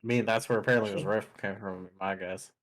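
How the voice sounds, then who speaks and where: A man's voice: fairly low pitch, steady tone, fast. A man playing in a casual tabletop game, teasing and wisecracking at the others. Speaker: player and co-host.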